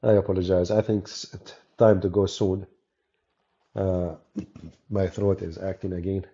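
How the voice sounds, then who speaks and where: In a deep, gravelly, mellow voice with a level tone and a slightly slow pace, an Arab man whose first language is Arabic, speaking with an Arabic accent, mocks and snipes sarcastically as a debater and channel host on a live stream. The audio is dull and lo-fi.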